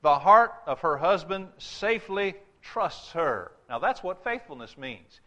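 A man delivers a sermon in a bright, fairly high-pitched voice. He presses his points with emphasis and repetition, slowing down to read scripture aloud. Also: very animated, muffled recording. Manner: emphatic, repeats phrases, reads scripture slowly. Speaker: preacher.

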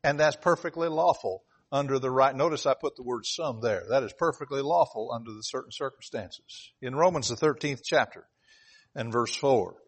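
A man's voice: mid-range voice, normal speed, breathy edge. A man preaching a sermon, emphatic and repeating key phrases as he reads scripture aloud.

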